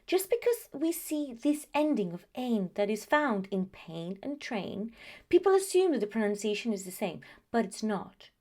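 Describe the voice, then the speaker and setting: A middle-aged woman teaching English pronunciation, speaking clearly and deliberately as she repeats example words. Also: on the high side, big pitch swings, mellow. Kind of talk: scripted pronunciation lesson to camera.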